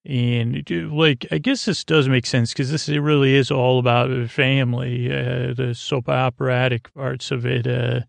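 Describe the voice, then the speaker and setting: A man's voice: mid-range voice, vocal fry, no echo. A man hosting a podcast, recapping a TV episode in a rambling, casual way with lots of fillers. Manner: rambling, loose paraphrase with many fillers.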